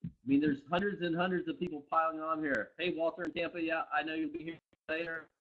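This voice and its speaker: A man's voice: a little high, level tone, quick pace. Upbeat man greeting a live webcast. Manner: upbeat, reads out viewers' locations and greets them. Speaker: company co-founder hosting a live product training. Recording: dull lo-fi webcast audio.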